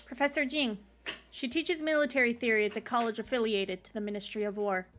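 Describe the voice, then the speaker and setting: A woman's voice: a little high, fairly even intonation, fairly quick, a bit bright, soft background music, natural voice. A woman reading the lines of a new assistant lecturer aloud from a game, in her own voice. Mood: matter-of-fact.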